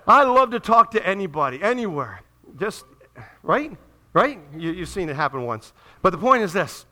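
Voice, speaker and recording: A man pastor preaching a sermon in a church, swinging between loud emphatic peaks and quiet, hushed appeals. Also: sits high, very animated, normal speed. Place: church sanctuary.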